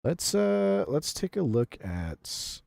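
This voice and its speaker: A young man streaming, giving casual reaction commentary, excitable and profane, laughing often. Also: on the high side, takes it slowly, gravelly, dry recording, studio quality.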